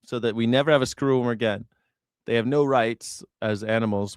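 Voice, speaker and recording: Rambling jokey guy hosting a live stream, smooth clear voice, dry close mic. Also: medium pitch, a little fast, no room sound. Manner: rambling, joking riffs. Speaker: host. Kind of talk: casual live-stream commentary.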